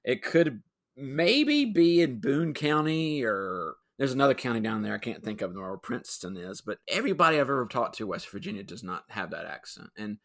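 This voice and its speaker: A man's voice: mid-range voice, sing-song, normal speed, creaky, a bit bright. A middle-aged man co-hosting a podcast, chatting casually and nitpicking with apologetic asides. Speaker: podcast co-host. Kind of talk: casual movie chat.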